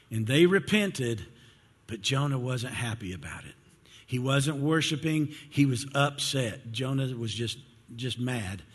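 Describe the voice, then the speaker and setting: Husky male preacher, conversational sermon, echoing church hall. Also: mid-range voice. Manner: conversational, asks the congregation questions, repeats words when he stumbles. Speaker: pastor. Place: church sanctuary. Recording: long hall reverb.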